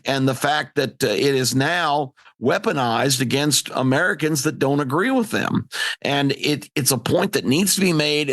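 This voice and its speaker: A man's voice: a little high, a bit bright, no echo, clean studio sound. A man hosting talk radio, delivering an emphatic, indignant opinion monologue.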